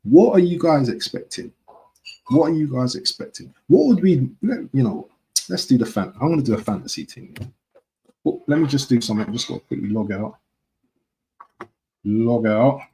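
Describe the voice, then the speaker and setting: A man chatting on a live stream at an everyday mid pitch. He rambles and restarts, checks in with his viewers with "yeah?", and keeps the tone loose and unscripted. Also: animated, moderate pace, pauses often, darkish tone, low-quality recording. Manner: chatty, repeats himself, keeps asking "yeah?". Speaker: football fan streamer. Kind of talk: casual live-stream chat.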